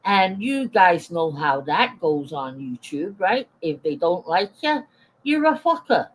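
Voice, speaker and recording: A woman's voice: lowish voice, sing-song, measured pace, low-quality recording. Woman in her forties, live-stream rant, blunt, swears a lot, greets chat viewers as she goes. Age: 40s.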